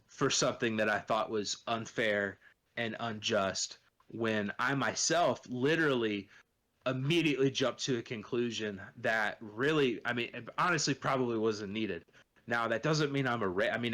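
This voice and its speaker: A man's voice: fairly low pitch, pushed and bright. Profane rambling man telling a story. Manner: rambling, profane, lots of "you know" and "like". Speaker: podcast co-host. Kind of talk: casual chat, storytelling.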